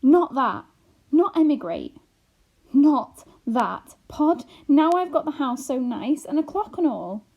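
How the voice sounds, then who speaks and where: Woman reading an anxious borrower wife, high, wailing and fretful. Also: very animated, normal speed, hardly any pauses, mellow, lo-fi sound. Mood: alarmed. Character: worried little old borrower wife.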